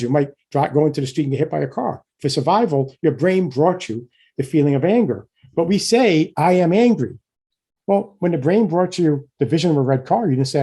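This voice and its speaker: A middle-aged man giving a keynote lecture in a conversational way, often checking in with listeners and getting animated when he acts out examples. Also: medium pitch, husky. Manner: conversational, frequent restarts and "right?" asides.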